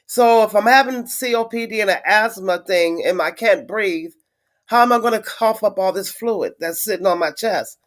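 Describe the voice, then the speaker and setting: A woman chatting casually on a live stream to her viewers, venting in a frustrated, blunt way with swearing and halting restarts. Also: mid-range voice. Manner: halting with many fillers and restarts. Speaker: livestreamer greeting viewers.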